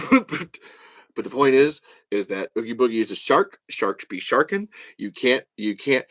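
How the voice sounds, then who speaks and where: A man hosting a solo podcast, talking fast and swearing as he rants about films while reading comments. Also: mid-range voice, sing-song, dry recording. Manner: fast, profane, ranting with loud bursts. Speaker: podcast host.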